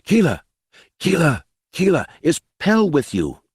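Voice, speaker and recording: A man doing a shrill, desperate mother. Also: huge pitch swings, unhurried, breathy edge, no echo, clean studio sound, heavily acted. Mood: frantic. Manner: shrill and pleading. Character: desperate middle-aged mother, shrill with hope.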